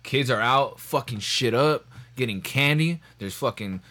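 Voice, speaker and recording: A man's voice: medium pitch, measured pace, pushed and bright. A man hosting a podcast, chatting casually with lots of slang and swearing. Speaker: podcast host. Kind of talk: casual chat.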